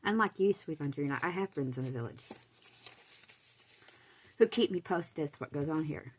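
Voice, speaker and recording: A woman reading aloud, voicing a spiteful young woman who taunts in a smooth, mocking tone. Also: low-pitched, expressive, moderate pace, slight background noise, rough recording.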